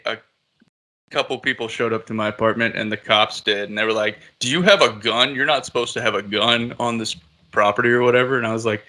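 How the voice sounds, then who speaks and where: A man's voice: medium pitch, sharp tone. A man casually telling a long story on a podcast, laid-back and swearing a lot.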